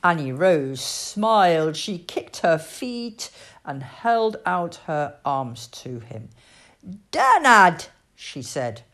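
A woman reading a children's storybook aloud, expressive and storytelling with voices for the figures. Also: deep voice, takes it slowly. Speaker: storybook reader.

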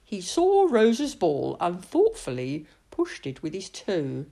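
A woman reading a picture book aloud, expressive, with dramatic pauses. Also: fairly low pitch, gravelly. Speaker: storyteller.

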